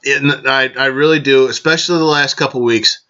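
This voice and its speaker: A man's voice: mid-range voice, fairly even intonation, normal speed, pushed and bright, clear, resonant tone, lo-fi sound. A man hosting a casual vlog, rambling along, correcting himself and raising toasts to his listeners. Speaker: podcast host.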